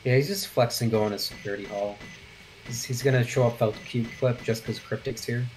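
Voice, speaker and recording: A man's voice: mid-range voice, steady tone, fairly quick, a little mellow, faint music behind. A man giving live commentary on a speedrun match, thinking aloud and often checking with his co-host for agreement.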